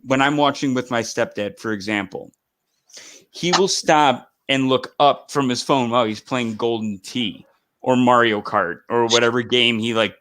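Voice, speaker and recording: A man hosting a casual wrestling chat, rambling and animated with quick asides. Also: mid-range voice. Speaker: podcast host.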